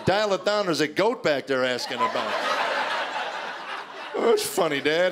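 A middle-aged man doing stand-up, telling deadpan stories and acting out his kids' voices before a live audience. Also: on the high side, normal speed, long pauses. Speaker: stand-up comedian. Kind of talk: stand-up comedy routine. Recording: live show with audience noise.

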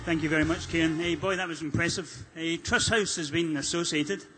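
A man representing a sponsor, giving a short, measured and courteous speech. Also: a little high, fairly even intonation, a bit bright, soft background music. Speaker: sponsor representative presenting awards.

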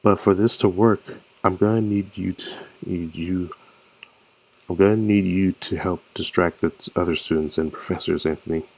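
A man's voice: sits low, fairly even intonation, normal speed, creaky, a little mellow, breathy edge, full character voice. A man reading the part of a scheming young male student who plans a prank, in a conspiratorial tone and often tripping over the words. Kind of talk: reading game dialogue aloud.

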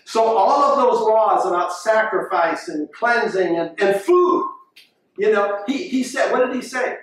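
A man with a fairly high voice preaches a sermon, lively and storytelling, acting out the people he quotes. He sounds distant from the microphone. The room around him is strongly echoey. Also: measured pace. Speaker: pastor. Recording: echoey room, voice from far off the mic.

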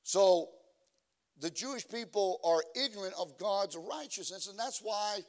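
A somewhat high-voiced man preaching a sermon in a church. He often stumbles over fillers and restarts mid-phrase. At other times he climbs into loud, emphatic preaching cadences. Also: expressive. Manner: halting with many fillers, building to shouted emphatic preaching. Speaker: guest preacher.

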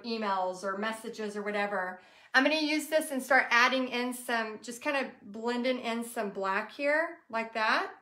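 A woman's voice: on the high side, fairly bright tone, reverberant. A woman with a Texas accent chatting casually to livestream viewers while she paints, rambling and talking straight to them. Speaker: craft business teacher and livestream host.

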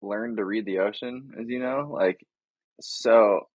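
A young big wave surfer, a guest on a podcast, chats casually in an interview, loose and laid-back with lots of fillers. His voice is on the low side, slow, with a breathy edge, in a dry, lo-fi recording.

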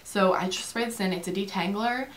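A young woman chatting casually to her camera as a beauty vlogger, rambling and fast, with lots of fillers. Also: medium pitch, slight background noise. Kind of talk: casual chit-chat.

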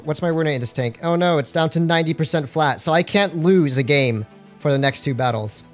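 A young man doing live gameplay commentary on a stream, excitable and slangy, joking and talking to his chat. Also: a little high, fairly quick, soft background music.

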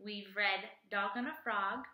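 A woman's voice: medium pitch, fairly even intonation, measured pace, bright, forceful tone. A young woman teacher reading a picture book aloud to children in an upbeat, friendly way. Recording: echoey room.

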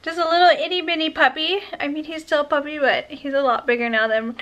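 A woman's voice: steady tone, fast talker, fairly bright tone. A woman vlogging in a casual, rambling way, with many hesitations, who turns to cooing at her puppy. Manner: rambling, hesitant, full of ums; coos in a high voice at her puppy. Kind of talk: casual chat to camera.

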